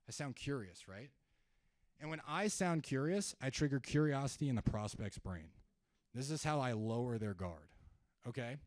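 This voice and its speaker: A man's voice: mid-range voice, normal speed, dry recording. A young man giving a sales seminar to a live audience, joking with the crowd and acting out phone calls in contrasting tones. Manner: energetic, jokey, acts out calls in contrasting tones. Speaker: sales trainer. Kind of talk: live seminar talk with role-played calls. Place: event room, speaking to audience.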